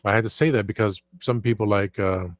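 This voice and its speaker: A man's voice: fairly low pitch, fairly even intonation, a little fast, dry recording. A man hosting a casual live stream, rambling with many fillers and restarts while answering viewer chat. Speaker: livestream host.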